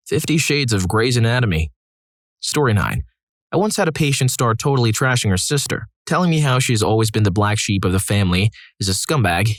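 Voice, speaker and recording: A man reading out a string of short stories with a wry, dry sense of humor. His voice sits in an ordinary middle pitch, and the recording is close and dry with no room sound. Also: no echo. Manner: dry, wry asides between read stories. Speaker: story narrator. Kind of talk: scripted storytelling narration.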